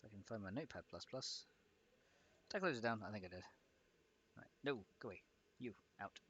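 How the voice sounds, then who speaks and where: A man's voice: on the low side, lively intonation, a little fast, a bit bright, husky, muffled recording. Man muttering through a modding stream. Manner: muttering to himself while troubleshooting, chatty with viewers. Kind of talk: casual livestream commentary while modding.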